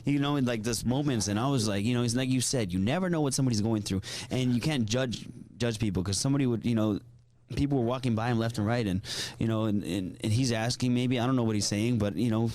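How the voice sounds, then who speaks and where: A man's voice: medium pitch, fast, darkish tone. A man hosting a radio interview, chatting casually and emotionally, often repeating himself. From Hawaii. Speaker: radio host.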